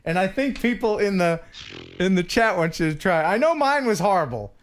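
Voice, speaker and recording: Male host, casual live-stream chat, high-ish voice, animated pitch. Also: a little fast. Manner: chatty, reads viewer messages aloud.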